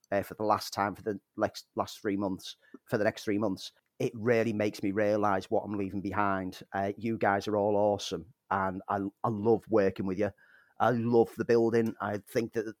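A man's voice: on the low side, no room sound, clean studio sound. A man co-hosting a podcast, speaking earnestly in casual chat with a few stumbles. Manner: earnest, stumbles and restarts words. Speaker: podcast co-host.

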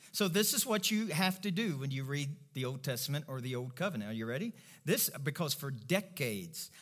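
A male pastor preaching a sermon in a church, emphatic and call-and-response, swinging from low murmurs to loud declarations.

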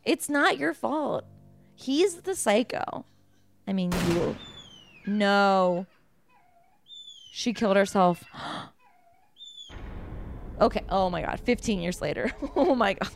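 A woman's voice: medium pitch, lively intonation, slow, creaky, pauses often. A woman co-hosting a podcast in casual chat; she talks bluntly, swears freely and acts out quoted lines. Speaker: podcast co-host. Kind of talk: casual chat while watching a film.

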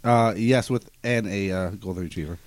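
A man's voice: lowish voice, normal speed. A man co-hosting a podcast, teasing and cracking jokes in casual banter. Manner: teasing, wisecracking. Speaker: podcast co-host.

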